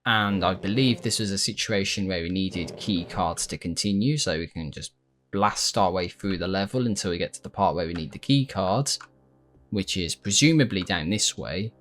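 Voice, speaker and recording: A man's voice: low voice, normal speed, a bit bright. A man giving casual, rambling commentary as he plays a video game, correcting himself often and swearing when frustrated. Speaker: gaming YouTuber.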